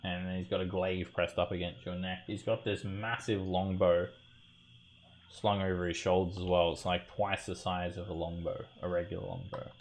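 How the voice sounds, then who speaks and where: A man with a low voice runs an online tabletop game as game master, narrating in a halting way with plenty of fillers and restarts. He speaks into a computer mic over a voice call, with a faint hiss behind him. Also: little pitch movement.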